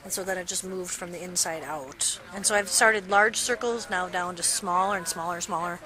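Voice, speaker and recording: Calm woman, mid pitch, explanatory, outdoor interview with crowd behind. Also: a little fast, poor audio. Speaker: art car maker.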